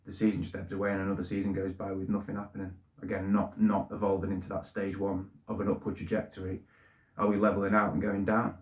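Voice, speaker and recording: Casting middle-aged bloke, lowish voice, plain-spoken fan host, echoey room. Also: male voice, completely flat delivery, fast. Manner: plain-spoken, repeats words when emotional. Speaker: football fan channel host. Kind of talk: casual opinion monologue.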